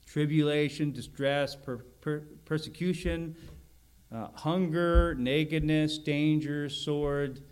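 A man with a slightly high voice preaches a verse-by-verse sermon. He talks earnestly and explains as he goes, repeating key words to drive them home. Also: fairly even intonation, slow pace, darkish tone, smooth. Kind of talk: expository sermon on a Bible passage.

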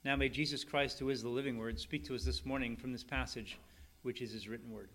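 A middle-aged man preaching a sermon as pastor, conversational and casual, then rising into animated, emphatic scripture reading. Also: mid-range voice, fast talker, a little hiss or hum.

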